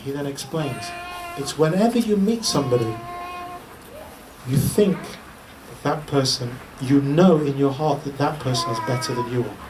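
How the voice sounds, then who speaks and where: Speaking at normal speed with lively intonation and a medium-pitched voice, this Islamic teacher keeps his lecture-room talk casual, humorous, and full of stories. He repeats a chant along the way, and the recording comes from a distant mic with faint background noise.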